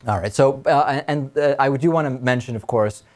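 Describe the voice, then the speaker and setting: Radio host guy chatting with his crew, easygoing, restarts a lot, mid-pitched voice. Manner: conversational, leading the discussion with quick restarts. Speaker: talk show host. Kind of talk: casual radio show banter.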